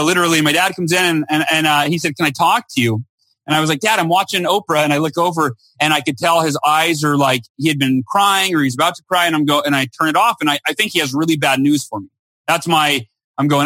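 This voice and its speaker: High bright guy, emphatic storyteller, dry close sound. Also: no room sound. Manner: emphatic, acts out quotes with lively shifts. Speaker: guest speaker and author. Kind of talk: animated storytelling interview.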